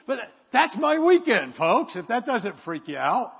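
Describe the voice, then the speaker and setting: A man with a husky, fairly high voice tells a rambling, self-mocking story from the pulpit. His words ring out into a large hall with a long echo, and the sound is slightly muffled. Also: big pitch swings, moderate pace, hardly any pauses, fairly bright tone. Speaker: preacher. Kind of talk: sermon storytelling. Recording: echoey hall, dull sound.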